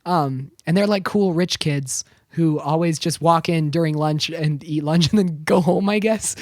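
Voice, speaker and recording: A man's voice: a little high, measured pace, dry recording, studio quality. A man with a strained voice, recapping a film plot with sarcastic asides and laughter in a casual podcast chat. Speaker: podcast co-host.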